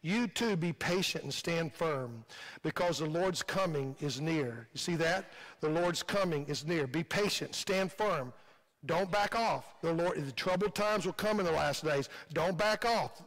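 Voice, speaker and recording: Male pastor, Midwestern American accent, fervent repeating sermon cadence, fairly high voice, long hall reverb. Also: a little slow, fairly bright tone. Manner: fervent, repetitive preaching cadence. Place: church sanctuary.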